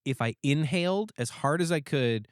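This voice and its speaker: A man's voice: fairly high pitch, expressive, moderate pace, no echo, studio quality. A man from Canada, a podcast guest telling stories in casual chat, often restarting and correcting himself. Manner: rambling storyteller, many self-corrections. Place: podcast studio.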